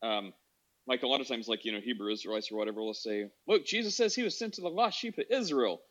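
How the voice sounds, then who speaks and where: A man's voice: mid-range voice, animated, quick pace, a bit bright. A man hosting a social audio room, chatting in an easygoing way and leaning on fillers. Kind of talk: casual chat. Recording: dull lo-fi audio.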